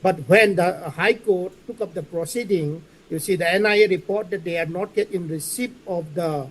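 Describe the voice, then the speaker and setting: Man, news panelist, hesitant with many fillers, a touch high-pitched. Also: moderate pace, husky, rough recording. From Manipur. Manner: hesitant, filler-heavy, methodical. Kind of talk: news debate commentary.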